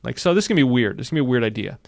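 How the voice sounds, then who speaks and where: A man walks through a software tutorial at a brisk clip, his voice gravelly. He is upbeat and says many lines twice as he clicks along. The sound is dry and close, with no room around it. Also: medium pitch, sing-song, dry recording. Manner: upbeat, repeats phrases while narrating clicks. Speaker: software instructor. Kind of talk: screen-recorded tutorial.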